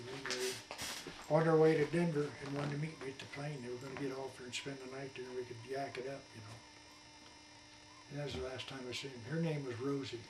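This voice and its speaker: A man's voice: medium pitch, reverberant, recorded from a distance, noisy background. Folksy older man telling war stories. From Iowa. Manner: folksy, restarts often, acts out voices in his anecdotes. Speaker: veteran interviewee. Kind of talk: rambling oral-history storytelling. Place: his home, in a room.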